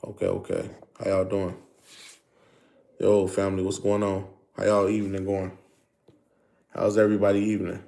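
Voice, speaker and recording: A man's voice: sits low, monotone, moderate pace, vocal fry, long pauses, warm tone. A man hosting a casual livestream, greeting viewers over and over and explaining things in a loose, filler-heavy way. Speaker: livestream host.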